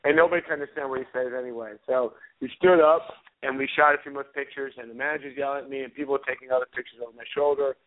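A man's voice: mid-range voice, fairly even intonation. Man telling a story down a phone line. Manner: halting, many fillers and chuckles. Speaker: guest photographer. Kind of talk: anecdote telling on radio call-in.

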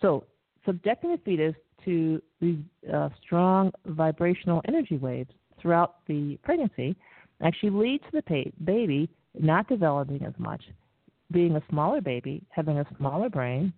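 A woman hosting a talk radio show, lecturing in a measured way with frequent pauses and fillers. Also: deep voice, expressive, no echo. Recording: tinny dry phone-line audio.

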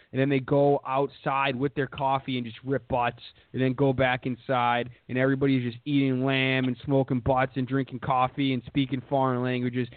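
A man's voice: mid-range voice, dry recording. A young man hosting a podcast in crude, rambling casual chat, cursing and saying "dude" constantly. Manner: profane, rambling, says "dude" a lot. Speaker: podcast host. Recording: dry, phone-like lo-fi audio.

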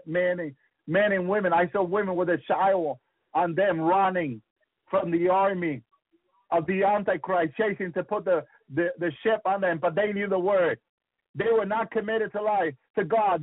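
A man's voice: high-pitched, dry recording. A man preaching a fervent sermon about his visions, breaking in with hallelujahs and repeating words as he goes. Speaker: radio preacher. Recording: tinny phone-like radio sound.

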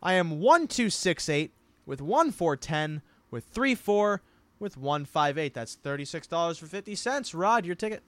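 A man hosting a casual horse racing picks show, animated and jokey with playful wordplay. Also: fairly high pitch, moderate pace, no echo. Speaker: host. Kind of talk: casual harness racing handicapping chat.

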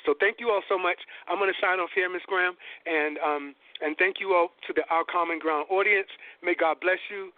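A man with a high, ringing voice lectures with preacher-like fervor, climbing to emphatic peaks. The sound is dry and close. It comes through a thin, tinny phone-line connection. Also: fairly even intonation, brisk, hardly any pauses, no echo. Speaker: guest lecturer. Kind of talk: impassioned lecture.

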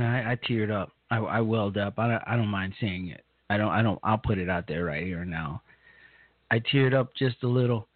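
A man hosting a live political talk radio show, halting and repeating himself as he talks, nervous throughout. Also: fairly low pitch, dry recording. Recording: tinny phone-like line.

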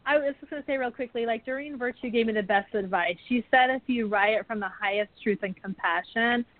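Speaking fairly quickly in a slightly high voice, this author is a podcast guest discussing her book in candid interview talk. She tells her story in an earnest, open, warm-hearted way, and the recording is a dry, tinny phone line.

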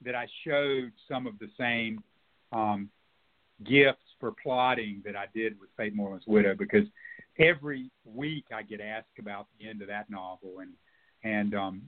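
Guest novelist, male, thoughtful and halting, plenty of ums; narrow phone-quality sound. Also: fairly low pitch, steady tone. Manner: reflective, hesitant with many fillers and restarts. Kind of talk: radio interview conversation.

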